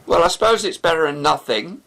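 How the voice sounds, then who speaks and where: Man doing a sarcastic young woman, high and swooping. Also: expressive, a little fast, creaky, pushed and bright, heavily acted. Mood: exasperated. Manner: sarcastic, exasperated.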